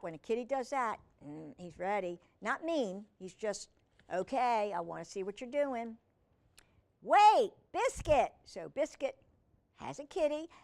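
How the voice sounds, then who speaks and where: A woman reading picture books to children, gentle and teacherly, often asking the listener questions. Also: mid-range voice. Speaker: children's storyteller.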